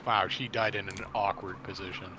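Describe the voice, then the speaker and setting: A man's voice: deep voice, steady tone, moderate pace. A man hosting a casual gameplay chat, making dry, knowledgeable, wry remarks. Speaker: gaming channel host. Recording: loud game noise and gunfire behind. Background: loud game sound effects.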